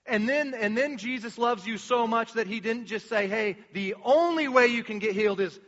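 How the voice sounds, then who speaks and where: Man, pastor, casual animated sermon, high voice, dull sound. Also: moderate pace, long reverb tail. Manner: casual, animated preaching with slang and restarts.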